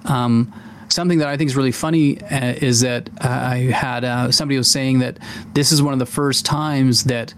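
A man's voice: medium pitch, fairly even intonation, normal speed, a bit bright, slight background noise. A man co-hosting a tabletop gaming podcast, chatting casually and enthusiastically, with many fillers and restarts. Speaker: podcast co-host. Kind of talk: casual chat.

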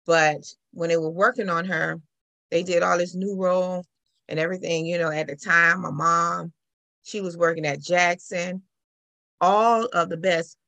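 A middle-aged woman, telling her personal story as an interview guest in an animated way. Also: on the low side, a little slow, vocal fry, no room sound. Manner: animated storyteller, acts out quoted voices. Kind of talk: personal account in conversation.

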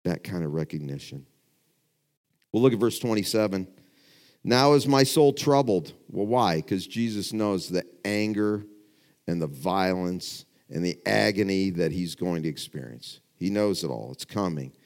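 A middle-aged man preaching a sermon to a congregation, swinging from hushed, quiet lines to rising, emphatic questions. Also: sits low, moderate pace. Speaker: pastor. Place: church before a congregation.

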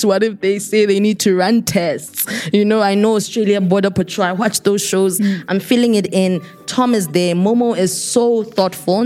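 A young woman from Botswana, telling a story as a podcast guest and acting out the voices of the people in it. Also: mid-range voice. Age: young adult. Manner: lively, acts out voices of people in her story. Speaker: podcast guest, fashion designer.

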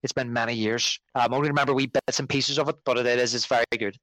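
A man's voice: mid-range voice, steady tone, fast talker, fairly bright tone, no room sound, low-quality recording. A man, a podcast guest in casual chat, rambling and correcting himself as he talks. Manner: rambling, self-correcting, conversational.

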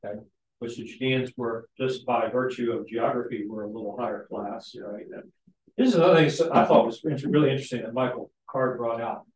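A man leads a Bible study in a relaxed, chatty way, constantly tossing "right?" to his listeners. His voice sits in a mid range and picks up a lot of room echo. He sounds a few steps back from the microphone. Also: mid-range voice, brisk, a little hiss or hum. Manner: frequent tag questions, animated asides. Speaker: Sunday school teacher. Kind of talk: conversational Bible teaching. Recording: echoey room, mic at a distance.

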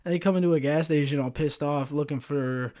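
A man's voice: fairly high pitch, fairly quick, mellow. Young man, solo podcast host, foul-mouthed rambling rant, close mic. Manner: profane, rambling storytelling with many fillers. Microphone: pop filter mic.

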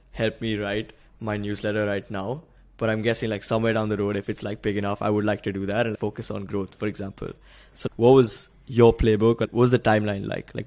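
A man's voice: fairly low pitch, a little mellow, no room sound. A young man in his twenties, a college student hosting a podcast, asking casual, curious questions full of "like". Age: 20s. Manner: casual and curious, many "like" fillers. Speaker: podcast host.

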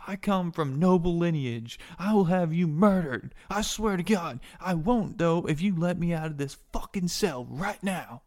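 A man voicing a furious, threatening nobleman locked in a jail cell, who shouts and curses. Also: high voice, lively intonation, a little fast, pitched above the performer's own voice.

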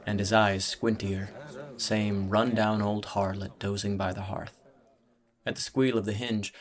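A man narrating a fantasy audiobook in a measured, steady storytelling manner. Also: lowish voice.

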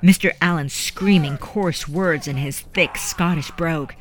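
Measured, dramatic audiobook narrator. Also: mid-range voice. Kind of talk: scripted narration.

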